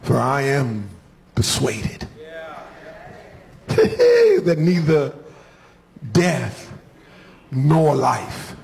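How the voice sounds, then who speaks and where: A man preaching a sermon in a rhythmic, call-and-response style, building from quiet talk to shouted climaxes. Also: mid-range voice, huge pitch swings, extremely slow, creaky, pauses often.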